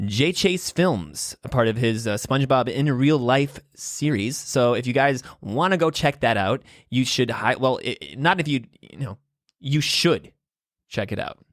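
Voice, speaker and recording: A man in his twenties from Wisconsin talks through a casual solo podcast from a room in his home. His voice sits at a middling pitch and is recorded dry and close, with no room sound. He rambles, restarts his sentences and fills the gaps with ums and short laughs. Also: animated, unhurried, dry recording. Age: 20s. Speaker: podcast host. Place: room at home with guitars on the wall.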